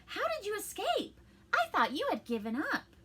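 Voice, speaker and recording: A woman's voice: very high voice, huge pitch swings, moderate pace, a bit bright, voice pushed up, exaggerated voice. A woman voicing an eager young wooden puppet boy who speaks earnestly in a storybook reading. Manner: earnest, pleading.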